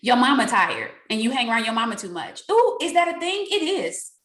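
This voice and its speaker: A young adult woman giving a casual motivational talk to her sales team, animated and preachy, often laughing and acting out what others said. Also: on the high side, a little fast, reverberant.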